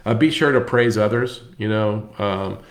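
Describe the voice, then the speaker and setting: A man's voice: fairly low pitch, unhurried. A man hosting a casual book talk, speaking conversationally with frequent fillers and restarts. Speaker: host.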